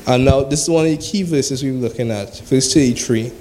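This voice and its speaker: A man's voice: medium pitch, fairly quick, hardly any pauses, darkish tone, a little hiss or hum, poor audio. A man preaching a sermon. He reads scripture aloud, then explains it in a conversational way, often asking "right?".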